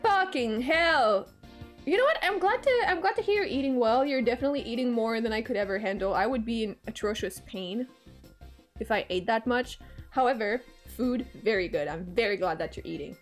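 A giggly young woman chats with her viewers during a casual game stream. Her fairly high voice swoops up and down, playful and loose. Faint game music plays behind her. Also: animated, brisk.

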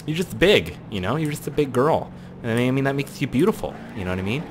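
A man rambles through casual game commentary, swearing and getting excited. His voice sits at an average pitch, with faint noise in the background. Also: fast talker. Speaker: host.

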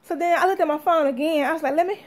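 A woman tells her viewers a story, animated and talkative, calling them y'all. Her voice sits high for a woman. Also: racing. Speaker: vlogger.

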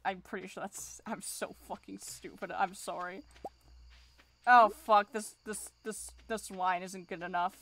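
A woman's voice: mid-range voice, fairly bright tone, slight background noise. A woman streaming a video game, chatty and self-deprecating, swearing and answering chat. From Canada. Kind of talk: casual live-stream chat.

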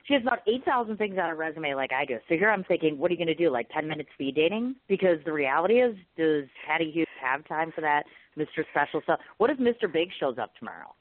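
A woman's voice: deep voice, very animated, quick pace, few pauses, dry recording. A woman hosting an interview, playful and teasing her guest. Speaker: host. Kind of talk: casual interview chat. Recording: dry tinny phone line.

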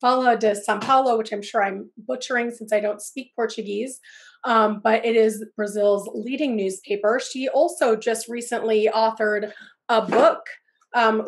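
A woman moderates a webinar on press freedom over a video call. Her voice is gravelly and scratchy from a cold, and she talks in a loose, conversational way with frequent ums and restarts. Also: fairly high pitch.

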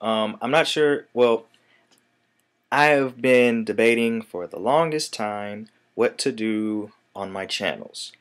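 A man's voice: lowish voice, takes it slowly, clean tone. A young man in his twenties giving a casual, rambling vlog update to his viewers. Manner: relaxed, rambling with fillers. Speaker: vlogger.

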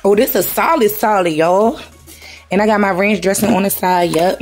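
Casting: woman in her 30s, relaxed home vlogger, chatty, faint music in the background. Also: mid-range voice, moderate pace. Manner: chatty, addresses viewers as y'all. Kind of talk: casual chat to camera.

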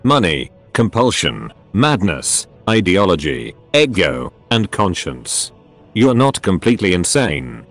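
A man's voice: low-pitched, very animated, slow pace, fairly bright tone, faint music behind, full character voice. A man doing a shrewd, patient interrogator. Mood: probing. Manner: probing and patient.

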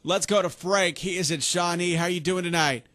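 A man hosting a late-night radio dedication show from the studio, with smooth, steady on-air patter. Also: sits high, normal speed.

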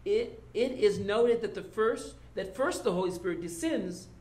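Male rabbi, slightly high voice, sermon delivery with swings between loud and soft. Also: moderate pace, roomy sound. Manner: teaching and reading quotations, swinging from loud to soft.

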